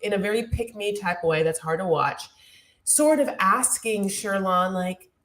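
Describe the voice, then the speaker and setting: A woman's voice: medium pitch, a little slow, fairly bright tone. A woman co-hosting a podcast over a video call, rambling with lots of fillers and mocking herself in casual chat. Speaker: podcast co-host.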